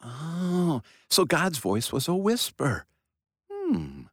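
Goofy, excitable man with wild swoops. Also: a little high, slow pace, no room sound, studio quality. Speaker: co-host of a kids' faith show. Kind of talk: playful scripted chat.

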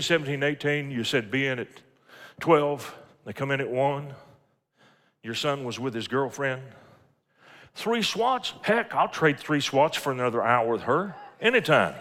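A man's voice: a little high, a bit bright. A middle-aged man preaching a sermon, telling folksy stories from family life and quoting scripture. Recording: long hall reverb.

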